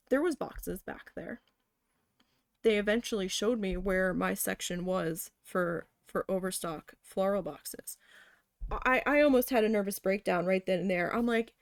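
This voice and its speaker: A woman's voice: mid-range voice, a little slow, vocal fry, no echo, clean studio sound. A woman telling a story about her job in a casual way while she paints, acting out what she and her boss said. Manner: animated retelling, acting out her boss and her own panic. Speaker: painting livestreamer.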